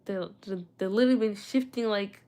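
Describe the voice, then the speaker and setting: This young study vlogger speaks briskly in a mellow, medium-pitched voice. She chats casually with her viewers, talks to herself, and reads from a book, stumbling and restarting, all while wearing retainers that slightly thicken her speech.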